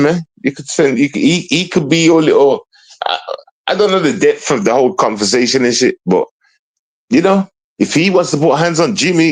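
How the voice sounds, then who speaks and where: Male streamer, mid-pitched, casual, combative, repetitive. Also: low-quality recording. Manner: confrontational, repetitive, slangy, restarts often. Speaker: livestream host. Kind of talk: casual livestream rant.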